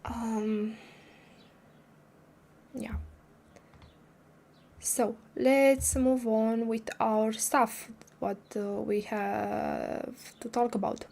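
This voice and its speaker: A woman's voice: a little high, flat delivery, drawn-out words, gravelly, pauses often, darkish tone, a little hiss or hum. A woman hosting a casual livestream, talking hesitantly with many fillers and restarts while recovering from a cold. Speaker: livestream host. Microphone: streaming microphone.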